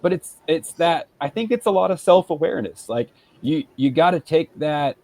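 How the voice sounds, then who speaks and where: A man's voice: a little high, animated, moderate pace, a little mellow, no room sound. A man in his thirties co-hosting a casual podcast, talking in a rambling, reflective way with lots of fillers. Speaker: podcast co-host. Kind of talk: casual chat.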